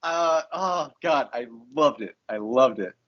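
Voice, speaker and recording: A man co-hosting a podcast in casual, expressive chat. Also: mid-range voice, unhurried, no room sound, highs cut off. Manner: expressive, chatty, lots of fillers. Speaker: podcast co-host.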